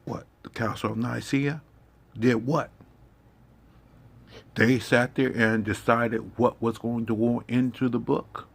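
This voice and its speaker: A man's voice: mid-range voice, level tone, takes it slowly, creaky, pauses often. A man giving an impassioned, confrontational monologue, swearing heavily and lecturing his listeners. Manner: preachy, confrontational, heavy swearing.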